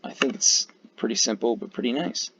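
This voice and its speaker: A man's voice: medium pitch, brisk, bright, forceful tone. A tired man giving casual, rambling commentary full of fillers and the odd curse while ranking flags. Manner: rambling, profane, many fillers. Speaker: video creator ranking flags. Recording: dull lo-fi mic.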